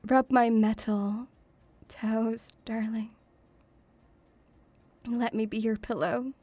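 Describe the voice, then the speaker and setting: A woman's voice: a little high, steady tone, slow, warm tone, no room sound. A woman streaming as a VTuber, chatting in a playful, doting, rambling way. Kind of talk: casual debut stream chat. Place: home room, near pubs.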